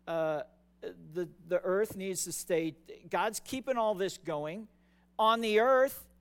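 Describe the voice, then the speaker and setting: A male pastor delivering a sermon in a notably high voice. He takes his time, speaking slowly and casually. He often doubles words for emphasis. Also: smooth. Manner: conversational and emphatic, repeats words.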